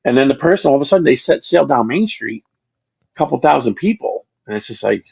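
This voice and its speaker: A man with a gravelly, husky voice talks in a chatty, rambling way, often stopping and starting over as he tells his stories. The sound is dry and a little dull and lo-fi, with no room around it. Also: mid-range voice, lively intonation, quick pace, a little mellow, no room sound. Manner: rambling, chatty storyteller with frequent restarts. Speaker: channel creator, interview guest. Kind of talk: casual chat on a livestream.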